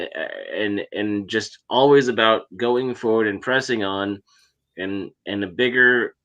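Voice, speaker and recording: A man co-hosting a relaxed anime chat with a bright, forceful tone. He thinks aloud in halting bursts and questions his co-hosts. His voice sits a bit low. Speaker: podcast co-host. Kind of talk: casual chat.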